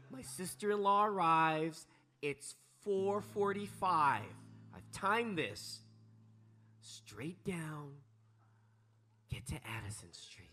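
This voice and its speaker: A man's voice: fairly high pitch, lively intonation, slow, long pauses, bright, forceful tone. A man telling a story on stage at a live event, acting out the other people's lines in changed voices. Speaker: musician sharing a story on stage.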